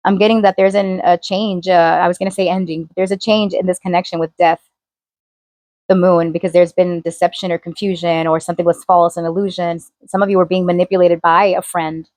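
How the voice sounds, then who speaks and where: A woman's voice: on the low side, level tone, brisk, darkish tone, no room sound. A woman tarot reader talking casually straight to her viewers, chatty and loose, full of fillers as she reads the cards. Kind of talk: casual tarot reading to camera.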